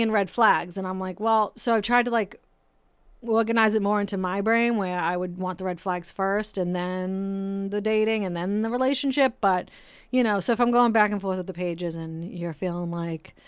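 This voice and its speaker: A woman hosts her own podcast in a loose, rambling rant, swearing freely and poking fun at herself. Her voice is smooth and clear, recorded close to the microphone in a dry room. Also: medium pitch, fairly even intonation, normal speed, dry recording. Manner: swears often, rambling and self-mocking. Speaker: podcast host. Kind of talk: casual solo podcast rant. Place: home room, painters working outside.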